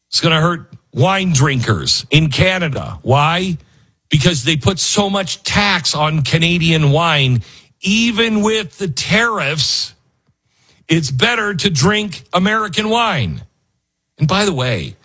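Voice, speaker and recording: A man hosting casual political commentary, animated and sarcastic, laughing often. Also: mid-range voice, a little slow, husky. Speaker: host.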